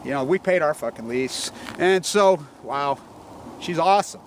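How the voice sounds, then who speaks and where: A man's voice: fairly high pitch, animated, normal speed. A man rambling outdoors about the environment, profane and agitated. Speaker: environmental activist. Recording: noisy outdoor recording with vehicle noise.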